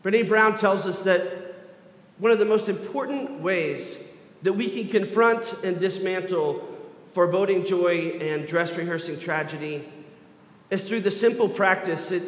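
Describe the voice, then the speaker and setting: High-voiced man preaching in an echoey hall. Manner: earnest preaching, rising to emphatic repetition. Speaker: pastor. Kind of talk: sermon.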